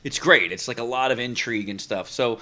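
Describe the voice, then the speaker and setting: A young adult man co-hosting a fan podcast, talking in excited, profane bursts about a show's finale. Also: mid-range voice, a little fast. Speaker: podcast co-host. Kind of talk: casual chat.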